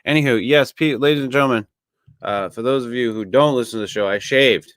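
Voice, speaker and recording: A man's voice: medium pitch, brisk, a bit bright, no echo. A man co-hosting a podcast, ranting casually with lots of swearing and restarts. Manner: profane ranting, many restarts. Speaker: podcast co-host.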